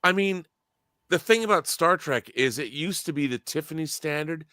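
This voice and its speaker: A man's voice: fairly high pitch, lively intonation, normal speed, sharp tone, clear, resonant tone, dry recording. A man in casual podcast chat, emphatic and opinionated, swearing freely and restarting his sentences as he rants. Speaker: podcast co-host.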